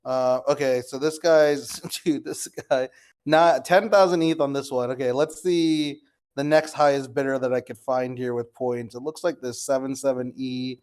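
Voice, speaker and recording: A man's voice: mid-range voice, steady tone, moderate pace, a little mellow, smooth. A young man, talking casually as he clicks through wallets on a stream, incredulous and swearing, addressing viewers as guys. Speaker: crypto streamer. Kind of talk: live screen-share commentary.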